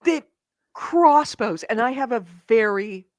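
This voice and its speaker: A woman co-hosting a casual gaming podcast over a call, animated and swearing freely as she tells stories. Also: on the high side, slow, dry recording, clean studio sound. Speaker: podcast co-host. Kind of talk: casual chat. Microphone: remote call mic with echo cancellation.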